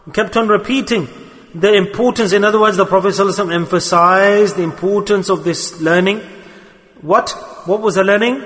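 A man preaches a sermon at a brisk clip, pressing his listeners with rhetorical questions. His voice sits high for a man. The sound rings with a long reverb from a large hall. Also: a bit bright. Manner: rapid, emphatic, asks the audience rhetorical questions. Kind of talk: sermon on a hadith.

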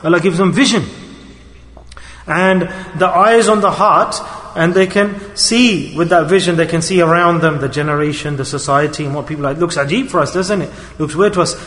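A man's voice: a little high, moderate pace, fairly bright tone, in a large hall. A man giving an earnest sermon, asking rhetorical questions and acting out people's pleading prayers. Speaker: preacher.

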